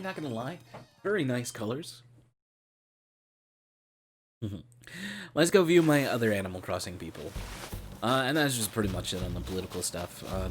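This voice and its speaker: A young man chats while streaming a game, rambling and swearing with a sarcastic edge. His voice sits a little low. Game music plays clearly in the background. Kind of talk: casual gaming stream chat.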